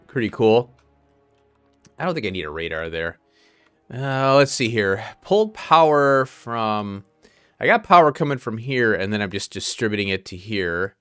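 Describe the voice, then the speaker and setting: A man's voice: on the low side, lively intonation, moderate pace, a bit bright, dry recording, clean studio sound, soft background music. A man giving casual, rambling commentary as he plays a game, thinking aloud and chuckling to himself. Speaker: let's play host.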